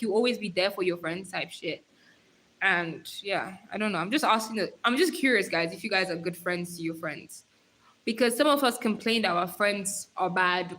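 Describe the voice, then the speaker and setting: A woman's voice: medium pitch, fairly bright tone. A young woman hosting a live stream, chatting casually and teasing her viewers as she reads their comments, with slang and frequent laughs.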